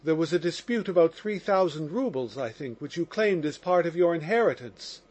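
A man voicing a calm investigating lawyer who questions formally, in audiobook narration. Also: on the high side, normal speed. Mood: probing.

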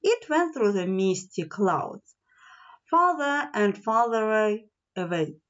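A woman reading a fairy tale aloud as a storyteller, in a slow, sing-song manner, in a dull lo-fi recording. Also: mid-range voice, expressive, fairly bright tone.

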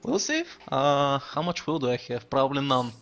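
A man's voice: medium pitch, fairly even intonation, normal speed, a bit bright, highs cut off. Joking young man player. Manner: joking, dramatic in character. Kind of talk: casual tabletop game chat.

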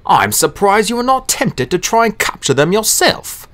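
A man's voice: high-pitched, very animated, normal speed, fairly bright tone, pitched above the performer's own voice. A man voicing a rude, commanding immortal English magician in an audiobook, speaking in a snapping, authoritative way. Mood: imperious.

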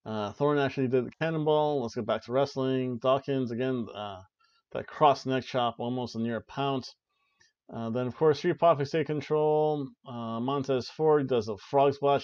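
A man's voice: mid-range voice, a little mellow, dry recording, dull audio. Rambling casual wrestling-podcast man. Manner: rambling, joking, frequent "uh" and "like". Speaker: wrestling review podcast host.

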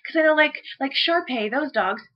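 A woman's voice: high-pitched, expressive, moderate pace, dull audio. A woman vlogging in a casual rant, blunt and profane.

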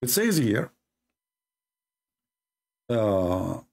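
A man hosting a religious debate, reading a text aloud and mocking it sarcastically with sudden high-pitched jabs. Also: big pitch swings, drawn-out words, creaky. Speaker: debate host.

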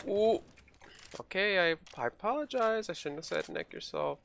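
A man's voice: high voice, big pitch swings, moderate pace, a bit bright, slight background noise. A man hosting a gaming video, joking and trash-talking in casual commentary while he plays. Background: game gunfire and keyboard clicks.

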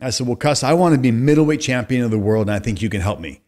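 A man in his fifties from California, a podcast guest telling long animated stories and acting out the voices of people he quotes. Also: medium pitch, fast. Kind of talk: conversational storytelling.

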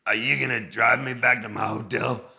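A man imitating a bemused older male singer who asks dry, deadpan questions. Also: medium pitch, moderate pace, vocal fry, exaggerated voice.

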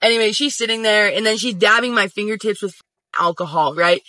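Very high, bright-voiced man venting. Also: a little fast, no echo. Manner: venting, emphatic, swears freely. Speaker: social media storyteller. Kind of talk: casual storytime monologue.

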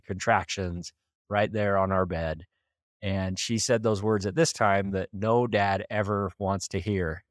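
An Idaho podcast host from a small town shares a personal story in earnest, letting out a chuckle here and there. His voice sits low, and the studio-quality recording carries no echo.

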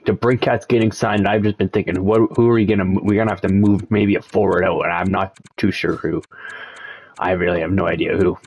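A man's voice: low voice, a little fast, husky. A young man, casually commenting over a sports video game as he plays and thinks aloud. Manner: relaxed, thinking aloud, excited by close results. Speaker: gaming channel host.

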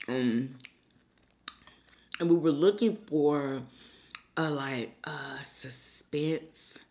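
A young adult woman hosting a mukbang, chatting casually to her viewers while she eats and calling them y'all. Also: low voice. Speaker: mukbang host. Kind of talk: casual chat while eating.

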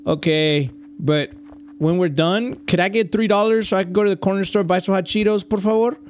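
A man's voice: high voice, brisk, faint music behind. A man in his thirties doing let's-play commentary, joking and swearing, with Spanish slang thrown in. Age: 30s. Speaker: gaming YouTuber.

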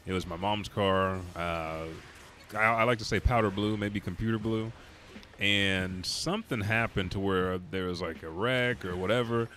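This gaming streamer from Oklahoma, US, speaks at a normal speed in a fairly low, fairly bright voice. Worn out after staying up all night, the young man curses and wanders off topic, spinning casual stories mid-game.

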